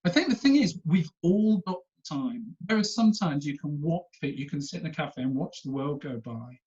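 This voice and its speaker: A man with a husky voice telling stories as a guest in an animated, chatty way, laughing often. The recording is dull and lo-fi. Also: a little high, brisk. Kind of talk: casual storytelling chat.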